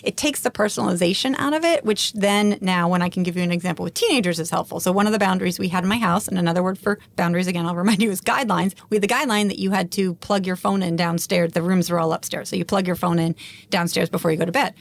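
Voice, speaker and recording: Animated woman life coach. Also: fairly low pitch, fast, gravelly. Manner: explains with acted-out quotes and frequent laughs. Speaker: life coach, podcast guest. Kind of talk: casual podcast conversation.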